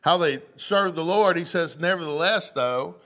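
Pastor preaching a sermon. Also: male voice, fairly high pitch, normal speed, fairly bright tone. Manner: asks the congregation questions, reads scripture aloud. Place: church sanctuary.

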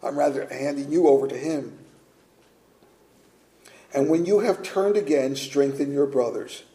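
Mellow-voiced male pastor preaching. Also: mid-range voice, measured pace, echoey room, poor audio. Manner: earnest preaching with rhetorical questions. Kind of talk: sermon.

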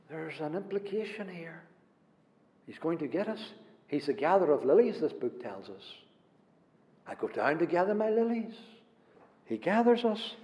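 A man preaching a sermon in an earnest way, moving from loud stressed phrases to hushed, near-whispered ones. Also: a little high. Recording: dull audio with long hall reverb.

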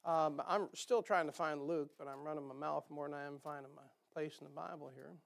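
With a slightly high voice, steady tone, and some vocal fry, a man from the northern US preaches fairly quickly. The sermon wanders in a folksy way, nasal-twanged and dotted with jokes.

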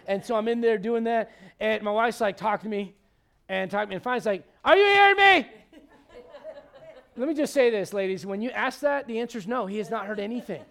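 A male pastor preaching a sermon, animated and conversational, with frequent restarts. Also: sits high, fast, vocal fry.

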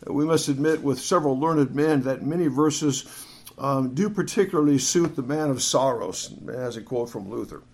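A man's voice: medium pitch, moderate pace, darkish tone. A man preaching an expository sermon, reading scripture aloud and restarting his phrases often as he teaches. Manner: earnest, reads scripture aloud, frequent restarts.

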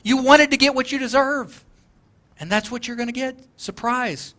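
Man playing a bright, earnest saved young man, soft pleading reassurance. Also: very high-pitched, normal speed, voice pushed up.

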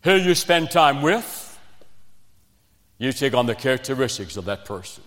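A man's voice: mid-range voice, very animated, moderate pace, a bit bright. A man from West Virginia preaching a fervent sermon, speaking straight to his congregation and building to emphatic peaks. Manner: addresses the congregation directly. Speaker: pastor. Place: church sanctuary. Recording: echoey church hall reverb.

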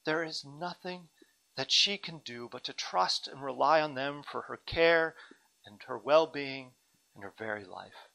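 Male pastor, thirties, earnest dynamic preacher, crisp bright tone. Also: mid-range voice, measured pace, low-quality recording. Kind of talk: sermon.

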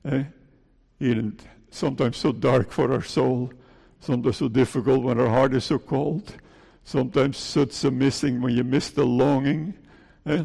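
Dutch-accented pastor with a gravelly voice. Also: male voice, mid-range voice, fairly even intonation, normal speed, a little mellow. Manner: pleading, repeats phrases, many "eh?" asides. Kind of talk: sermon. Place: church. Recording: long church reverb.

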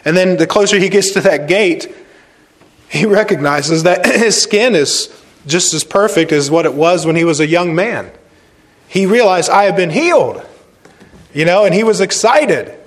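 A male pastor delivers a sermon in a somewhat high voice. He preaches with emphasis, repeating phrases and swinging from loud stressed words to quiet, slow points.

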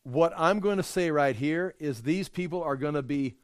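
A man's voice: on the high side, normal speed, clear, resonant tone, dry recording, studio quality. A man teaching a verse-by-verse bible study, explaining as he goes and often repeating words while he thinks aloud.

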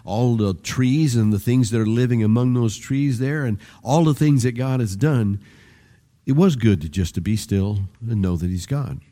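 Older male pastor, warm low-bright tone, chatty sermon delivery with shifting emphasis. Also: moderate pace. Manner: rambling, conversational, with restarts and varied emphasis.

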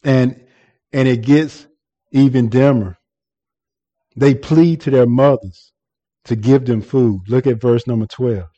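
A man's voice: medium pitch, slow pace, long pauses, warm tone, lo-fi sound. A man preaching an earnest expository sermon, often repeating words and restarting as he explains the text.

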